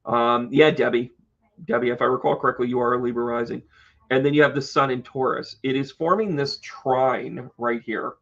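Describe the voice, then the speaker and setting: A man's voice: mid-range voice, fairly even intonation, normal speed, gravelly, a bit bright, dull audio. A man hosting an astrology live stream, chatty and joking, talking to his viewers by name. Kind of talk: casual live stream chat.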